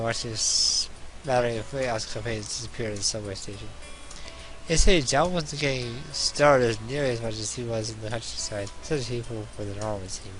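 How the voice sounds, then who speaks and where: Young man reading a visual novel aloud. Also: mid-range voice. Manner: animated, jumping between narration and jokes. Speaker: let's play host.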